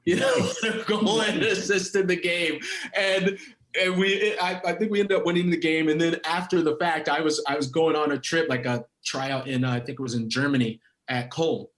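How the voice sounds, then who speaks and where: A middle-aged man, a former pro footballer, telling a story as a podcast guest, animated and laughing often. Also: on the high side, moderate pace. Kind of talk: casual storytelling. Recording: roomy echoey sound.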